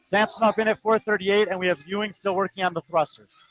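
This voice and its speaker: A man giving live play-by-play commentary on a fitness competition, calling times and placings in quick, precise detail. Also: sits high, steady tone, fairly bright tone, lo-fi sound. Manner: rapid, precise, number-heavy calling. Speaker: sports commentator.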